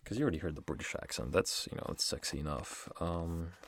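A man's voice: sits low, fast, hardly any pauses, no echo, studio quality. A man casually commenting between poem readings, joking and swearing, often dropping his voice to a murmur. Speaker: poetry reader.

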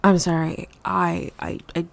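A woman's voice: lowish voice, little pitch movement, unhurried, vocal fry. A woman voicing a flustered, frustrated young woman in an audio role-play, stammering and swearing with many fillers.

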